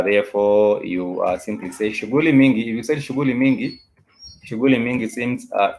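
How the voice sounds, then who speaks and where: A man teaching a spoken language lesson, saying each word and phrase several times over with drawn-out fillers. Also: fairly low pitch, darkish tone, a little hiss or hum. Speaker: Swahili teacher.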